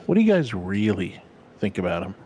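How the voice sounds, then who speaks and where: A man's voice: fairly low pitch, big pitch swings, fairly quick, mellow, slight background noise. A man co-hosting a sim racing stream with playful, self-mocking casual banter.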